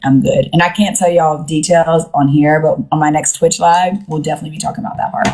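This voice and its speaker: A woman's voice: low-pitched, steady tone, fast, mellow, slight background noise. A young woman casually telling a rambling story to her live-stream viewers from her phone, slangy and acting out what others said. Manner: chatty and rambling, slangy, acts out quoted voices.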